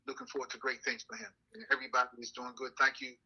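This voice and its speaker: An older man speaking slowly and deliberately in an interview, pausing on "uh" between thoughts. His voice is very bright and forceful. The audio is dull and lo-fi. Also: medium pitch, flat delivery, slightly rough. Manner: measured, deliberate, frequent "uh" fillers. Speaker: city councilman and NAACP president. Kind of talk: interview conversation.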